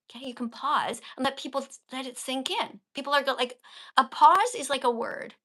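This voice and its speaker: A woman's voice: high-pitched, expressive, a little fast, bright, forceful tone. A woman hosting a casual livestream, talking in an emphatic, coaching way and stressing key words. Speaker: livestream host and vegan teacher.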